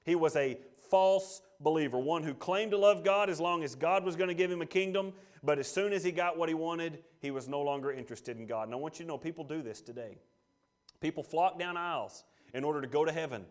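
Guy preaching a sermon, kinda high voice, gets loud then goes quiet, reads scripture. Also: a little fast. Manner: emphatic preaching, swings between loud and hushed; reads scripture aloud, voices God in quotes. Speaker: pastor.

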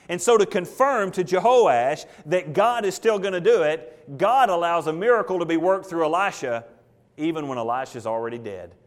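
In an expository sermon, a man with a fairly high, expressive voice speaks at a moderate pace and in a conversational way. He asks his listeners questions and performs the imagined thoughts of biblical figures as quotations.

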